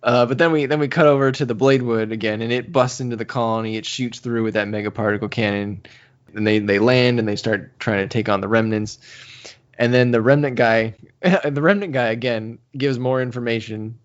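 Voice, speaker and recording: Male co-host, mid pitch, casual animated recap, slightly dull lo-fi mic. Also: a little fast. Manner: animated recapping with acted-out quotes and laughs. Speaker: podcast co-host. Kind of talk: casual podcast chat.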